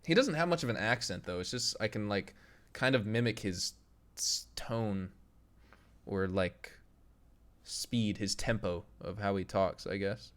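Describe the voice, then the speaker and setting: A young man with a fairly low, slightly bright voice chats a little slowly with viewers on a livestream. Loose and laughing often, he reads their messages aloud and tries out impressions.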